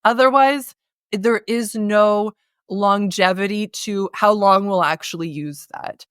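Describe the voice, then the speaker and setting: A woman consultant talks through voice technique with animated, demonstrative energy, singing out syllables to make her point. Her voice sits in a middle register. The sound is dry and close, recorded for a remote call. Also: mid-range voice, takes it slowly, clean tone, no echo. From North America. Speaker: voice and communication consultant. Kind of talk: conversational interview, coaching.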